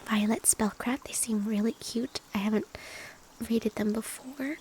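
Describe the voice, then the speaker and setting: Woman ASMR streamer, whispered stream chat, playful and teasing, a touch high-pitched. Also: a little slow, darkish tone, a little hiss or hum. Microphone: binaural or USB mic.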